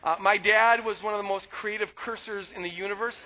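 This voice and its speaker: Middle-aged male pastor, high and bright, lively storyteller with loud outbursts. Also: brisk, low-quality recording. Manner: animated storytelling, bursts of loud shouting when acting out anger. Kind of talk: sermon with personal story.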